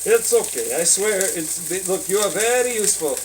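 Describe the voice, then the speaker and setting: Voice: mid-range voice, expressive, normal speed, noisy background. An audio blogger rambling profanely in a casual monologue, slipping in and out of put-on voices.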